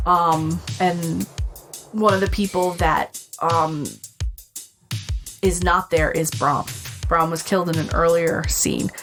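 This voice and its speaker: Animated woman retelling a film plot. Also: fairly low pitch. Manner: animated storytelling, acting out characters' lines, swears freely. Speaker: podcast co-host. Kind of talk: casual chat, film recap.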